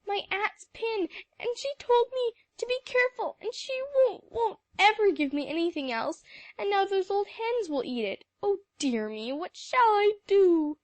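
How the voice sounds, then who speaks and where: A woman voicing a weepy young schoolgirl who wails in a high, tearful voice. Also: animated, a little slow, dry recording.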